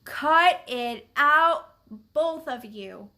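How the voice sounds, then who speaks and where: A woman's voice: sits high, expressive, very slow, bright, forceful tone, full character voice. A woman voicing an earnest, hot-tempered young boy who speaks sharply and urgently.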